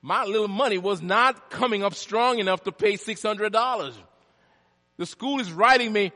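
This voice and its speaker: A man tells his story from the pulpit in a fairly high, sharp, forceful voice. He swings between loud bursts and quiet, low asides. His voice rings with the long reverb of a big hall. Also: normal speed. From Jamaica. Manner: animated, swings from loud to hushed. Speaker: preacher. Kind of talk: storytelling sermon.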